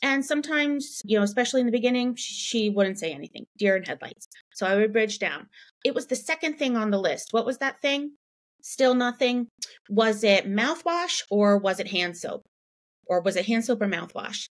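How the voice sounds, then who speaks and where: A woman in her thirties, a mother and podcast guest, telling a story in a relaxed interview, full of "you know" and "right?". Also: moderate pace. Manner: animated, acts out quoted dialogue in a raised pitch; chatty, many "you know" and "right?" fillers. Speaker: guest, parent.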